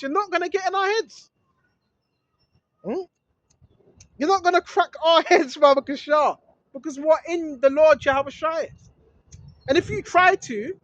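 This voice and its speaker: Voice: extremely high pitch, lo-fi sound. A street preacher filming outdoors, reading scripture and scolding opponents in a fervent, blunt manner full of slang. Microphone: handheld camera filming.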